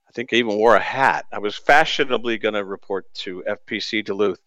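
A man's voice: fairly low pitch, brisk, bright, forceful tone, no echo, lo-fi sound. A man hosting a sports talk radio show, candidly telling a personal story with the odd rueful laugh. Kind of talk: casual radio monologue.

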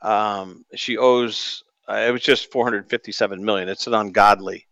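Radio sports host guy telling a story, smooth clear voice, dry studio sound, laughs at himself now and then. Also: lowish voice, fairly even intonation, normal speed, fairly bright tone, no echo, dull audio. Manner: candid and storytelling, with rueful laughs. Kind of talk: casual radio monologue.

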